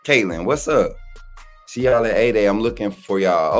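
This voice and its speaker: Hoarse, low-voiced man hosting a stream. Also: moderate pace, soft background music. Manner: loose, animated, greets chat viewers by name. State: hoarse, voice nearly gone. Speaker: livestream co-host. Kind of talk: casual live-stream chat.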